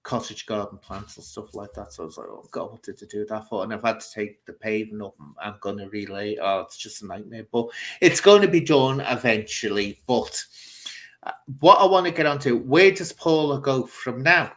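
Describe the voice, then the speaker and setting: A man's voice: medium pitch, normal speed. A man hosting a casual chat, rambling and giving blunt opinions. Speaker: host.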